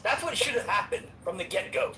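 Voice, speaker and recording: A man's voice: high-pitched, expressive, brisk, sharp tone, recorded from a distance, a little hiss or hum. A man in a heated voice-chat argument, indignant and swearing as he demands that moderators remove a troll. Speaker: voice chat room participant. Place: online voice chat app.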